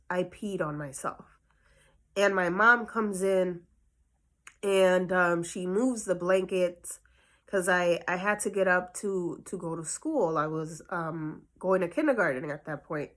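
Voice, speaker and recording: A woman's voice: on the low side, slow pace. A woman telling a personal story on her vlog in a casual, chatty way full of fillers, slightly short of breath. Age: adult. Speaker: vlogger.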